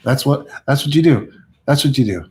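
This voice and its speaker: A man giving a casual motivational monologue, rambling and playful, repeating phrases and sometimes dropping to a hush. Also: medium pitch, expressive, fairly quick. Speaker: self-help speaker.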